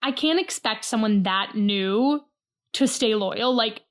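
A woman's voice: on the high side, slow. Chatty woman recapping a show. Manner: chatty, laughing, gossipy. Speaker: podcast co-host. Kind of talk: casual recap chat.

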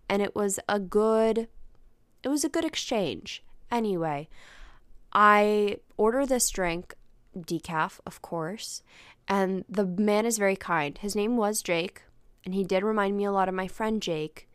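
A woman's voice: mid-range voice, measured pace, clear, resonant tone, no echo, studio quality. A young woman hosting a casual solo podcast, telling stories in a rambling, self-deprecating way and swearing casually. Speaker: podcast host.

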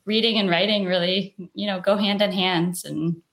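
A woman's voice: medium pitch, steady tone, moderate pace. A woman guest chatting casually and reminiscing in an easygoing way. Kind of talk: casual chat.

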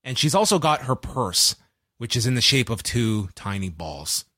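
A man co-hosting a wrestling chat show, his pitch swinging widely as he recaps with a sarcastic edge. The recording is dry and close, with no room sound. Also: big pitch swings, moderate pace, fairly bright tone, slightly rough, no room sound. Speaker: wrestling podcast co-host. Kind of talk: casual chat.

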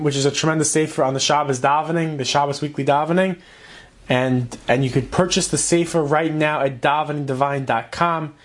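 Halting man introducing a speaker. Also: on the high side. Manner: halting, with many restarts. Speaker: event host introducing speakers.

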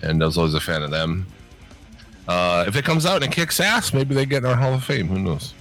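A man co-hosts a casual podcast, talking in a low voice with a bright, forceful edge. He rambles, swears often, and leans on fillers. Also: sing-song, fairly quick, faint music behind. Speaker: podcast co-host. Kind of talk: casual chat.

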